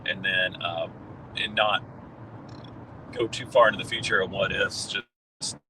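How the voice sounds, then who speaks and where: A man with a low, even voice talks haltingly and reflectively, restarting his sentences as he thinks. He is driving, picked up from a distance by the mic. Steady car noise sits clearly under his words. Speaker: husband in a family vlog. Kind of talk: casual personal talk.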